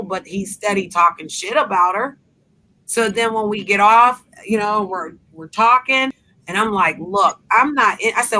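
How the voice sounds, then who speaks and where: A woman's voice: mid-range voice, sharp tone. A woman host in a casual chat, telling a heated story bluntly with profanity.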